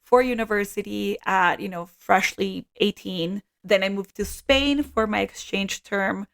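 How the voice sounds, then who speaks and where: A woman in her thirties from Colombia, co-hosting a podcast in casual, animated chat, laughing often and swearing casually. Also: medium pitch, unhurried, vocal fry. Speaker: podcast co-host.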